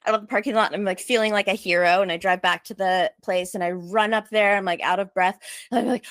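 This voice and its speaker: A woman telling a story in casual chat, fast and lively, full of likes, acting out what others said. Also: mid-range voice, no echo, studio quality. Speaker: storyteller guest.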